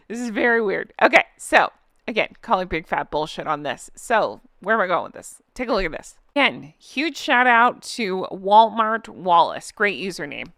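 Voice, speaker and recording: A woman's voice: medium pitch, big pitch swings, normal speed, vocal fry, fairly bright tone, no room sound, studio quality. A woman in her thirties with a Southern American accent, hosting a casual commentary video in a sarcastic, incredulous, chatty way. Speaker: commentary channel host.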